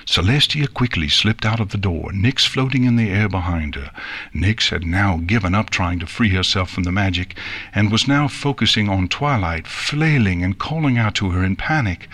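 Husky man narrating a story. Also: deep voice, normal speed. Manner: smooth, expressive storytelling. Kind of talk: audiobook reading.

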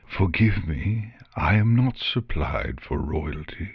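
A man voicing an old, blind male basilisk who speaks slowly and carefully in a dry, rustling voice. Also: low-pitched, lively intonation, slightly rough, dry recording, heavily acted. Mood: weary. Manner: slow and careful.

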